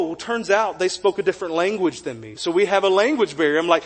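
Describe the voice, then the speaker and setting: A young man preaching a sermon as pastor, telling a personal story in a jokey, animated way with acted-out quotes. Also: high voice, rapid-fire, few pauses. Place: church sanctuary.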